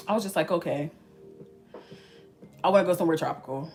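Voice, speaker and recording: A woman's voice: deep voice, fairly quick, long pauses, darkish tone, faint music behind. A young woman in her twenties telling a story to her viewers in casual, slangy chat, laughing often. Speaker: vlogger.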